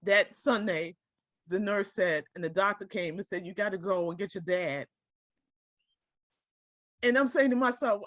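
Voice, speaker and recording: A woman's voice: a little high, lively intonation, measured pace, sharp tone, no echo, studio quality. A woman telling a personal story to a small group, speaking directly and emotionally and often checking that her listeners follow her.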